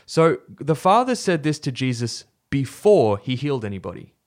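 A man co-hosts a faith podcast and talks through a scripture story in a loose, conversational way. He pauses on fillers, restarts his sentences and lets the story unfold casually into his microphone. His voice sits at an ordinary middle pitch. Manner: relaxed and storytelling, with fillers and self-corrections. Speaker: podcast co-host.

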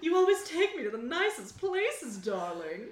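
A woman voicing a gruff young male celebrity who has fallen from fame. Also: sits high, big pitch swings, moderate pace, roomy sound, a little hiss or hum. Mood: smug.

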